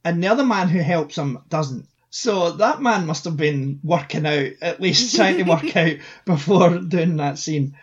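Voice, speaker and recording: Blunt cohost going through movie notes, kinda husky voice, muffled lo-fi mic. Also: mid-range voice, animated, measured pace, hardly any pauses. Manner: wry, blunt, swears casually. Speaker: podcast co-host. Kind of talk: casual chat.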